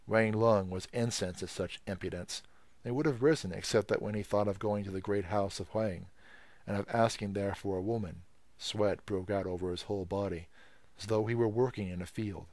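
Casting: male audiobook narrator, low voice, dry close sound, measured storytelling. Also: fairly even intonation, a little mellow, dry recording. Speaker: audiobook reader. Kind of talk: novel narration.

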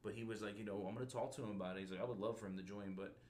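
Low-voiced male podcast host, a recruiter, animated, slangy storyteller. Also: rapid-fire, a little hiss or hum. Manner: animated slangy storyteller, says bro and dude. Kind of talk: casual storytelling chat.

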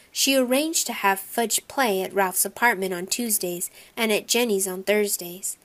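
Brief: female narrator, children's audiobook, lively first-person read. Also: medium pitch. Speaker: audiobook reader.

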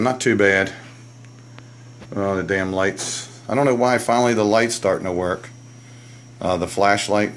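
A man's voice: lowish voice, a little hiss or hum. A man vlogging from a small cluttered basement shop, out of breath and rambling, often correcting himself and apologizing. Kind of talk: casual rambling vlog.

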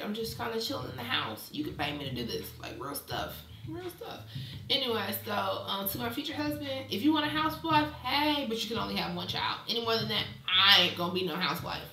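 A young American woman with an African American accent, chatting casually at home in a beauty vlog and turning sassy and animated when she rants. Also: mid-range voice, recorded from a distance, heavy background noise. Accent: African American English. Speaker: beauty vlogger. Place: at home indoors. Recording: echoey room, voice off-mic.

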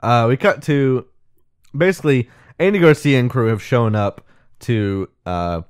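A man's voice: medium pitch, unhurried, clear, resonant tone, no room sound, studio quality. A man co-hosting a podcast, casually retelling a film plot and acting out the characters' lines. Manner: animated retelling, acts out quoted lines, swears casually. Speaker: podcast co-host.

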